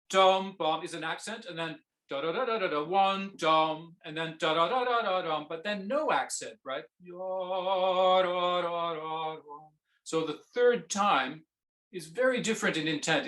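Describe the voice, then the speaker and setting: A man coaching a viola student in a masterclass, singing musical phrases between gentle instructions. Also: on the high side, reverberant. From Canada. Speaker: viola teacher giving a masterclass.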